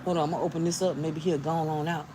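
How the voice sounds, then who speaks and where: A woman's voice: sits low, steady tone, rapid-fire, background noise. A woman vlogger talking casually to her viewers, chatty and jumpy, laughing often as she frets.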